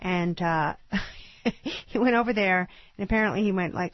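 Playful woman comedian chatting on air. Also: mid-range voice. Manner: playful, chatty, quick jokes. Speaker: comedian guest. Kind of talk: casual radio guest chat. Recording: slightly muffled radio broadcast.

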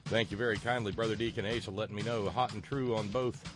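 Folksy low-voiced Southern radio host. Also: male voice, steady tone, fast talker, over music. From West Virginia. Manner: folksy, rambling, with many fillers and restarts. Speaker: radio talk show host. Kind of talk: casual radio talk.

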